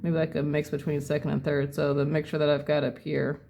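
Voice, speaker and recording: Low-key painting demo, mellow gravelly voice, mutters thru each step and second-guesses itself. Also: little pitch movement, fairly quick, slight background noise. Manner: thinking aloud, self-correcting. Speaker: painting instructor. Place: at a home desk.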